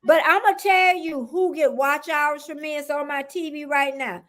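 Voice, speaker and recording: A woman's voice: high voice, fairly even intonation, unhurried, fairly bright tone. A woman from the United States hosting a casual live stream, rambling chattily, greeting viewers by name and laughing often. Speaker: livestream host.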